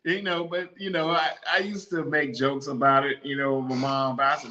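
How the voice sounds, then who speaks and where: Middle-aged male podcast host: loose, slangy storyteller who laughs a lot, with a forceful, bright voice on a dull, lo-fi recording. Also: a little high, normal speed, hardly any pauses. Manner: laughs often, repeats himself, slangy and playful. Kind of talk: casual storytelling monologue.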